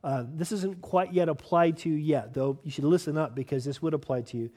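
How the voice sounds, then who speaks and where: Speaking a little fast with a warm tone, this male pastor's sermon comes in a voice that sits high for a man. He's emphatic and direct, repeatedly firing pointed questions at the congregation.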